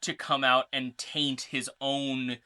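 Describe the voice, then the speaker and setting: A woman's voice: extremely low pitch, flat delivery, takes it slowly, bright, forceful tone, smooth. A woman co-hosting a podcast, explaining game lore in a chatty, casual way with lots of fillers. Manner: chatty, reads notes, filler-heavy. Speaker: podcast co-host.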